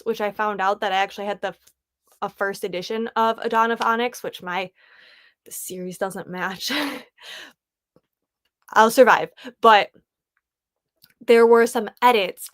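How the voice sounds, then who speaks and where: A woman's voice: fairly high pitch, no room sound, studio quality. A woman hosting a casual livestream, chatting and rambling as she thinks aloud. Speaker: livestream host.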